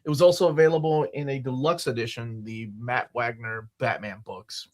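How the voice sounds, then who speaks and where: A man hosting a casual comics podcast panel, reading out upcoming book listings with excited asides. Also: medium pitch, normal speed. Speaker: podcast host.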